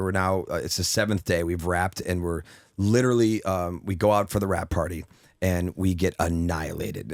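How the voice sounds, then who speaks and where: A male comedian telling an animated story on a podcast, often restarting his sentences. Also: deep voice, no echo, clean studio sound. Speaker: comedian guest.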